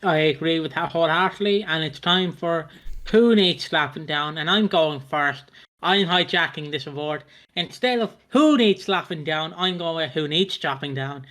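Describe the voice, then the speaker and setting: A man's voice: a little high, moderate pace, a bit bright. A man co-hosting a casual TV review podcast, frank and rambling. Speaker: podcast co-host. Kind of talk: casual chat.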